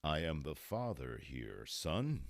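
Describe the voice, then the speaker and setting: A man's voice: a bass voice, big pitch swings, slow pace, no echo, studio quality, heavily acted. A man playing a stern, blustering 1950s sitcom father lecturing his son.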